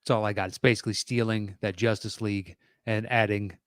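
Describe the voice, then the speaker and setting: A man in his forties co-hosting a podcast in casual chat, hesitant and thinking aloud with pauses and fillers. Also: lowish voice, fairly even intonation, fairly bright tone, smooth, dry recording, clean studio sound. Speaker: podcast co-host.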